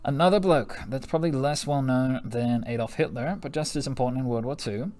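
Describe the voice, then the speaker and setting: Casting: young American man, history teacher, casual and jokey, mid-pitched, laughs a lot. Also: brisk, darkish tone. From United States. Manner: jokey, chatty, laughs often, slangy asides. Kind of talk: recorded classroom lesson.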